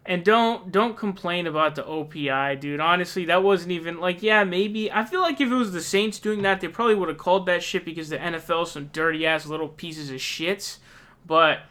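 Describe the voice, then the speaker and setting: A young man vents in a frustrated, profane rant, his voice pitched slightly high and sharply bright. His tone stays clear and crisp as he keeps returning to exasperated outbursts. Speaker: sports fan ranting. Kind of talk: angry casual rant.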